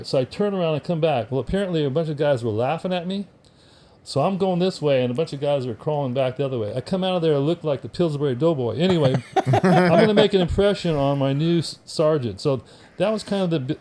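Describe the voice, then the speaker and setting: A man's voice: a little high, a little fast. Older man spinning wry army stories. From United States. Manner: wry, animated storyteller acting out quotes. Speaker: podcast guest, Army veteran. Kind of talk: casual storytelling.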